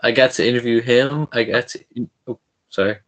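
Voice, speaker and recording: A young man hosts a podcast with eager, fanboyish chatter, tripping over his own starts. His voice sits at an everyday medium pitch. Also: moderate pace, a bit bright. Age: young adult. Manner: eager, fanboyish, stumbling restarts. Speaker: podcast host. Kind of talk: casual interview chat.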